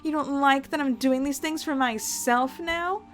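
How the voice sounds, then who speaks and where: A woman doing an indignant young woman, high and sharp. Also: unhurried. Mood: sarcastic.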